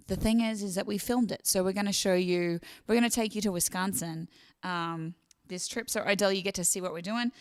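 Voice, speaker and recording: A woman's voice: medium pitch, fairly bright tone, clear, resonant tone. A woman with an Australian accent hosting a casual live stream, chatting and reading out viewer comments. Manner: chatty, reads out viewer comments, laughs often. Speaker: live stream host and singer.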